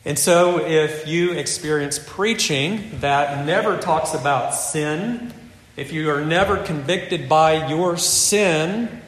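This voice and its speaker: An earnest male preacher delivers a sermon at an unhurried pace, his voice sitting a little above the usual pitch. He is measured, and he drops to a soft voice to drive points home. The sound is roomy, with a long reverb, as if heard from a distance in a large hall.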